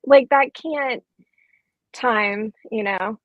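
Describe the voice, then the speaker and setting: A woman's voice: fairly high pitch, very slow, no room sound, dull audio. A woman bookseller in a casual live-streamed chat, talking in a chatty, enthusiastic way with lots of fillers. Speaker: bookseller co-host.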